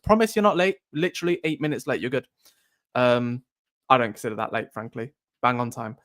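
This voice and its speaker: A man's voice: mid-range voice, a little fast, a bit bright. An Irish man in the middle of his vocal range, talking easily through a live stream. He reads out viewer comments and answers each one in a loose, chatty way. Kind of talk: casual live-stream chat.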